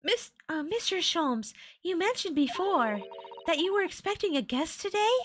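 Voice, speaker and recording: A woman's voice: very high-pitched, very animated, moderate pace, slight background noise, pitched above the performer's own voice. A woman voicing an earnest, polite young male lawyer in a video game, a little flustered.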